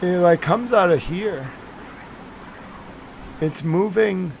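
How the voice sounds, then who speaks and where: A man's voice: high voice, slow, creaky, a little hiss or hum, low-quality recording. A tired man hosting a live stream, chatting casually and rambling to his viewers.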